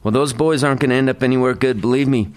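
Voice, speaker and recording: A man voicing a blunt, caring middle-aged woman nurse who talks in a brisk, no-nonsense way. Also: medium pitch, fairly even intonation, a little mellow, lightly acted. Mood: earnest.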